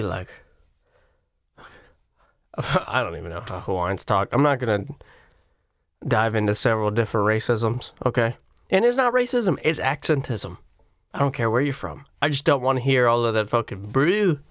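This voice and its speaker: A man's voice: mid-range voice, animated, normal speed, fairly bright tone, no room sound, clean studio sound. A man hosting a solo comedy podcast, ranting in a sarcastic, profane way. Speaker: podcast host.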